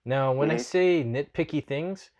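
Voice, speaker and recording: A man's voice: a little high, measured pace, darkish tone, lo-fi sound. A man hosting a casual podcast chat, talking in an earnest, reflective way and laughing often. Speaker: podcast host.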